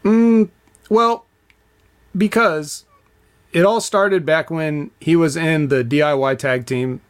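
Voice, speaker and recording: A man with a slightly higher-than-usual voice talks through wrestling storylines in a casual podcast chat. He hesitates often and keeps a dry, deadpan tone. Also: takes it slowly, smooth. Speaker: podcast co-host, former wrestler.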